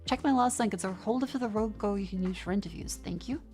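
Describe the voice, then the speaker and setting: A young Australian woman streaming, chatting casually and reading her chat aloud with quick restarts. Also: mid-range voice, darkish tone, soft background music. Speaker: vtuber streamer.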